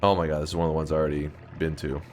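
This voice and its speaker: A man live-streaming a game, chatting casually with his viewers, swearing freely and flaring up in high-pitched indignant outbursts. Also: flat delivery, rapid-fire, slight background noise. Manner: argues and banters with chat.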